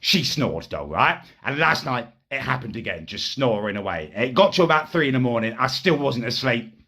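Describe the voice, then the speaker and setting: A man's voice: mid-range voice, sing-song, moderate pace, sharp tone, breathy edge. A man telling a crude comic story in an indignant, exasperated rant. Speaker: comedic ranter. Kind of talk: ranting comic monologue.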